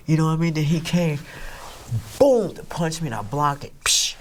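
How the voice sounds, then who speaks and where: A woman recounts a dramatic true story in a lively, swooping voice. She punctuates it with loud sound effects and keeps checking whether her listener follows. Her tone ranges widely from soft, low stretches to sudden loud outbursts, with faint noise behind her. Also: moderate pace, pauses often. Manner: vivid retelling with loud sound effects and checks like "that makes sense?". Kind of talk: animated story time.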